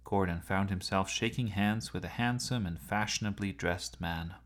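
A man narrating a storybook with an expressive reading style. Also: low-pitched, normal speed.

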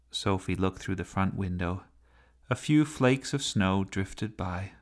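A man narrating a children's story with a gentle, unhurried reading style. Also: low voice.

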